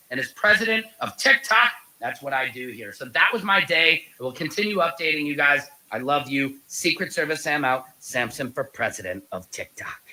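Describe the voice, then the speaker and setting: Bright high-pitched animated male vlogger. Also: rough recording. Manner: animated, jokey, addresses viewers as Patriots. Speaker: online commentator. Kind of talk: casual vlog storytelling.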